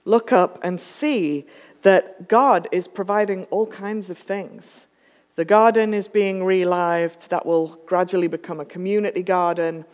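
A pastor preaches in an easy, conversational way, slipping in wry jokes as the sermon goes. The voice sits at a middling pitch and rings out with the long reverb of a church sanctuary. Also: a little slow. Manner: relaxed, chatty, joking asides.

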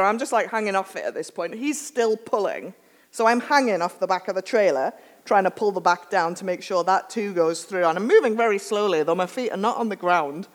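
A woman preacher giving a sermon, telling a lively self-mocking anecdote with humor. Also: medium pitch, a little fast. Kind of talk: storytelling sermon.

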